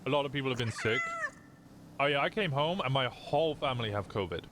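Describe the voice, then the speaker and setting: A man's voice: medium pitch, sing-song, fast, background noise. A British man streaming a roleplay game, chatting casually in character, laughing easily and trailing off into restarts.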